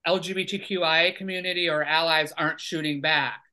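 A man's voice: fairly high pitch, fairly even intonation, a little fast, sharp tone, clean tone. A man as a podcast guest, arguing his points emphatically in casual conversation. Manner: emphatic, argumentative, lecturing.

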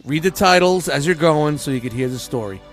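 Casting: male podcast co-host, slightly high voice, loose profane banter, music faint behind. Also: lively intonation, brisk. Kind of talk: casual group chat sign-off.

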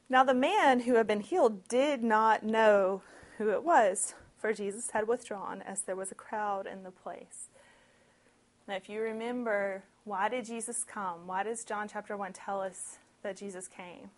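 A woman preaching a sermon, reading scripture and explaining it in a conversational, expressive way with lively asides. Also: mid-range voice, unhurried.

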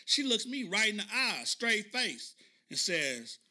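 A man hosting a podcast, telling a story in a casual, animated way and often asking listeners "right?". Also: high-pitched, unhurried. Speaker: podcast host.

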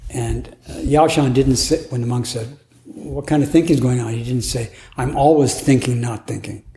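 A man's voice: mid-range voice, moderate pace, warm tone. A man giving a Zen dharma talk at a retreat, musing aloud in a playful way and laughing now and then. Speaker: Zen teacher. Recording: echoey room, faint noise.

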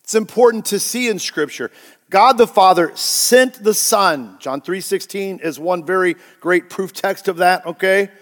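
Male pastor preaching, pretty high voice, keeps asking the church questions, big hall echo. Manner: emphatic, asks the congregation rhetorical questions. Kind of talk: sermon.

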